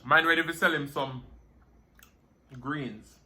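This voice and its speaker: A man's voice: a little high, fairly even intonation, slow, bright, forceful tone. A young man with a Jamaican accent, chatting casually and telling stories while eating, laughing often and slipping into Patois. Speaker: food vlogger. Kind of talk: casual storytelling mukbang chat.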